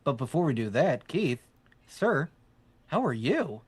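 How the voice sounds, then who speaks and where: A man's voice: a little high, sing-song, a little slow, slightly rough. Rambling, laughing man co-host. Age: adult army veteran. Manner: chatty, rambling, laughs easily, teasing. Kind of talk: casual podcast chat.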